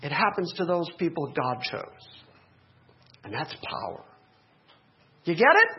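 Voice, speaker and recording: Male pastor, high and lively voice, animated sermon with joking asides, dull lo-fi recording. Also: unhurried.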